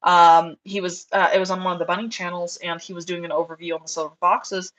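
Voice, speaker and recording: A woman's voice: fairly low pitch, little pitch movement, quick pace, a bit bright. A young American woman chatting casually on a livestream through a headset, rambling with lots of fillers and asides. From United States. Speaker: livestream host, rabbit breeder.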